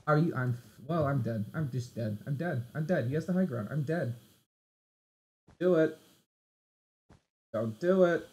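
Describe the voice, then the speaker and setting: A gameplay commentator speaks live over game music, expressive and unhurried with frequent pauses. He mocks himself, loops the same phrase over and over, and swings between low mutters and high yelps.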